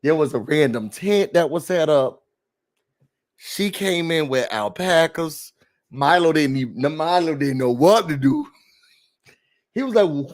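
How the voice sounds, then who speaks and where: A man recapping a reality show in a sassy, animated rant, talking straight to his viewers from a room indoors. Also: fairly high pitch, slow, gravelly. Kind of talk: casual rant-style recap.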